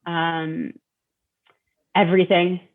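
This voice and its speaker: Earnest woman, low voice, tinny sound. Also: flat delivery, takes it slowly. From Detroit. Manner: earnest, repeats words, quotes her own thoughts. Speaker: guest. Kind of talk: candid recovery interview.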